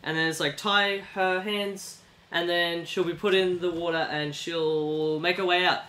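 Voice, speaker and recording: A man's voice: fairly high pitch, flat delivery, a little slow, pushed and bright. A young man retelling a movie plot in casual chat, rambling and acting out characters in silly voices. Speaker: podcast co-host.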